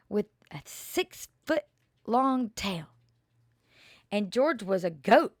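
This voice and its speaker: Older lady reading kids' poems real slow, playful and expressive, dry close sound. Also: medium pitch, no echo. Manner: slow, expressive read-aloud with playful asides. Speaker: storyteller reading poems aloud. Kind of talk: reading children's poems aloud.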